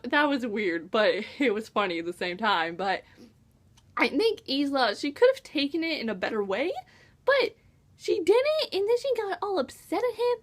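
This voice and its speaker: A young woman talks through a novel in a casual vlog. Her voice sits high and swoops up and down, with a gushing, exasperated manner and many exclamations. She sounds like an excited fan venting about the story. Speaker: book reviewer. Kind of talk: casual book review vlog.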